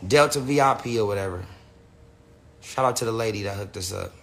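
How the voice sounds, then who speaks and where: A man's voice: lowish voice, brisk, a bit bright. A man ranting unscripted to his viewers, profane and rambling, often restarting his sentences. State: says he is high. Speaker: person telling his side of a story.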